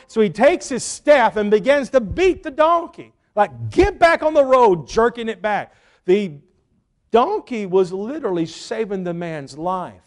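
A man preaching a sermon as a pastor, retelling a story in an animated way and acting out the quotes. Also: sits high.

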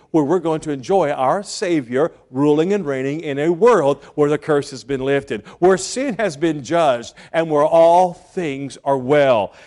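A middle-aged man preaching from the pulpit in a voice that sits high for a man. He tells homely stories, and his delivery swings from loud, excited bursts down to quiet, hushed asides. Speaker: pastor. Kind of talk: sermon.

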